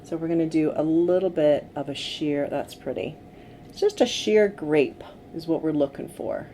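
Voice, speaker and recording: A middle-aged woman working as a makeup artist, giving gentle, coaxing instructions to a client during a tutorial. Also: low voice, normal speed. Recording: faint background noise.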